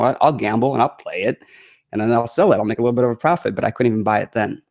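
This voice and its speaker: A man hosting a casual crypto trading live stream, chatty and full of fillers, his voice going hoarse. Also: on the low side, darkish tone. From United States. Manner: chatty, many fillers, reads announcements aloud with annoyance. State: losing his voice. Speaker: crypto trading livestream host.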